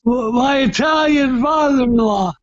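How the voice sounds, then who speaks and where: A middle-aged man from Massachusetts, a retired boxer telling stories in an interview, loud and excitable, often shouting and restarting his sentences. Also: very high voice, a little slow, dull audio. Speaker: retired heavyweight boxer, guest. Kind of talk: casual storytelling interview.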